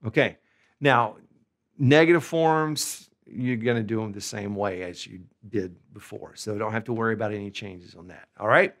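A man from the United States giving an upbeat, conversational online language lesson, slowing down to stretch out example words. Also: fairly low pitch, a bit bright. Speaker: language teacher.

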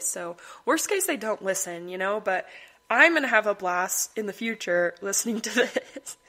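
A young woman hosts her own podcast, rambling casually through a solo monologue and often breaking into laughter. Her voice is mid-range and a bit bright.

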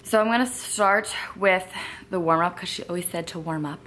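A woman's voice: lowish voice, normal speed, loud music behind the voice. A woman fitness vlogger chatting casually at home in an upbeat, filler-heavy way. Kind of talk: casual vlog chat.

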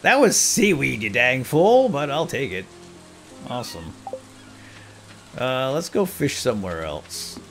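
A man giving casual, excitable commentary while playing a video game, and calling out to the characters as if they could hear him. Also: mid-range voice, measured pace, long pauses, music in the background. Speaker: let's play gamer.

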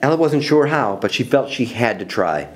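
A man reading a children's picture book aloud in an expressive, animated way. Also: mid-range voice, moderate pace. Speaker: storybook reader.

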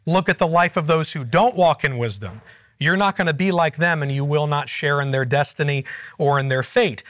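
A man's voice: fairly high pitch, normal speed, fairly bright tone, no room sound. A man teaching a group Bible study, explaining verses and asking the room questions in a conversational way.

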